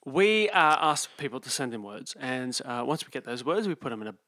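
Bright high-pitched guy co-hosting a chat, laughs a lot, swings all over, dry close sound. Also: a little fast, no echo. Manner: laughs a lot, animated and playful. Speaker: podcast co-host. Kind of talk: casual chat.

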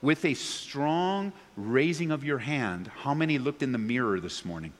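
A man preaching a sermon to a congregation, animated, swinging between loud excited bursts and low earnest tones. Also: moderate pace. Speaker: pastor. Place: church sanctuary before a congregation. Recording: long reverb of a large hall.

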